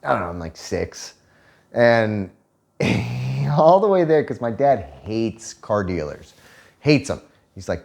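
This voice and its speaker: A man's voice: mid-range voice, sing-song, takes it slowly, creaky, a little mellow. A man telling a story in casual, profane chat, laughing often as he talks. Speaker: vlogger telling a story to his partner.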